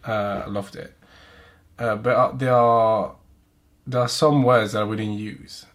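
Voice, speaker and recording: A man's voice: lowish voice, fairly even intonation, a little slow, fairly bright tone. Man, French accent, French native speaker, podcast host, nasal from pollen, swearing, rambling, self-mocking, casual chat. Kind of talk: casual chat and reading aloud.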